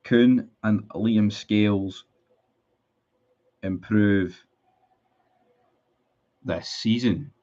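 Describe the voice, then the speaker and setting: Sweary Scottish football streamer. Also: male voice, lowish voice, fairly even intonation, drawn-out words, long pauses, mellow, highs cut off. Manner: frustrated, sweary, chatty with viewers. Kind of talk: live match watchalong commentary.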